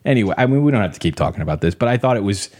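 Man, podcast chat, blunt and crude, laughs a lot, rambles, animated intonation. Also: fairly low pitch, racing. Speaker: podcast co-host.

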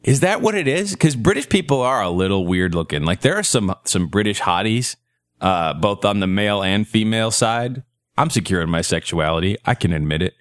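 A man in his thirties hosts a loose comedy podcast, cracking crude jokes and laughing between lines. His pitch swings up and down a lot, and the sound is dry and close with no room echo. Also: lively intonation, brisk, fairly bright tone. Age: 30s. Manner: crude joking, laughs often. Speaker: podcast host. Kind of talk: casual comedic chat.

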